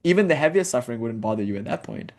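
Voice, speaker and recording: Animated and rapid-fire, this young man's medium-pitched, slightly mellow voice carries an informal spiritual lecture. It's chatty and full of "like" fillers and asides, with occasional Sanskrit verses chanted.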